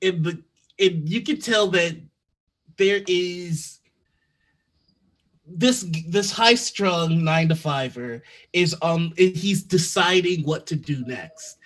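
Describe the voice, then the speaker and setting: A man's voice: high-pitched, slow, a bit bright. A man running a tabletop game as game master, narrating loosely and swearing often. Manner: laughing, loose, profane.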